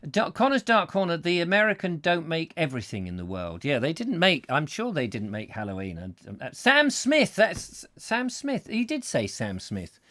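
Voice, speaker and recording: A man's voice: a little high, very animated, normal speed, few pauses, pushed and bright. A man hosting a live comic chat show, rambling and joking while reading out viewer comments. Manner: rambling, jokey, thinking aloud. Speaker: host.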